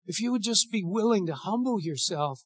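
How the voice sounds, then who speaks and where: Earnest high-voiced male pastor. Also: animated, a little fast, no room sound, clean studio sound. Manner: earnest, pleading, many repeated words. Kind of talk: sermon with closing prayer.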